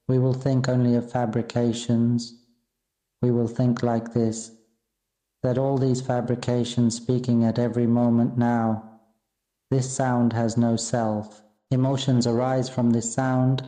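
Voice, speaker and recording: Solemn buddhist teacher guy, super mellow dark voice, flat delivery, echoey room. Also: mid-range voice. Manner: solemn, repetitive, addresses his own voice. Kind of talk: Dharma sermon.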